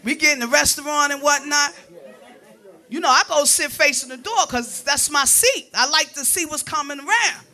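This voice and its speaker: A woman doing stand-up with a very high, piercing tone that sits on the edge of sharp. She tells animated stories and breaks into shrieks and laughter. A faint audience murmurs behind her on the club stage. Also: moderate pace, some chatter behind. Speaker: stand-up comedian. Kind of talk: stand-up comedy storytelling.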